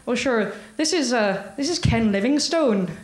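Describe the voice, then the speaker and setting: A woman imitating a wary Northern Irish man on the phone, halting and gruff, recorded in an echoey live venue. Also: very high-pitched, lively intonation, noisy background.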